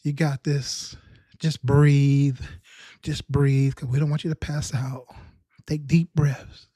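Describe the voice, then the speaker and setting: A man voicing a calm, reassuring female nurse coaxing a patient to breathe. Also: fairly high pitch, slow, no room sound, studio quality. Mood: soothing. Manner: soothing, coaxing.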